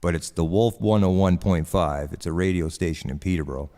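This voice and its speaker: A man's voice: deep voice, a little fast, warm tone, in a large hall. A man in his forties from Canada, rambling enthusiastically in casual live-stream chat.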